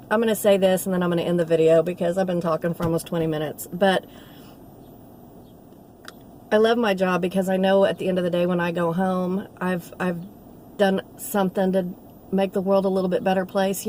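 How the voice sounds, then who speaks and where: A woman's voice: lowish voice, darkish tone, slight background noise. A middle-aged woman, a nursing assistant telling a rambling, heartfelt story in a casual vlog. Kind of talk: casual talking-to-camera vlog.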